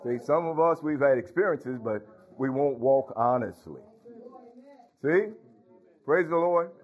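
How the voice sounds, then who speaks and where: A pastor preaches in a folksy, conversational way, addressing his congregation directly. His voice is husky and sits mid-pitch for a man. The recording is dull and lo-fi. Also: animated, a little slow. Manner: folksy, talks to congregation, frequent hallelujahs and laughs. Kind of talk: sermon.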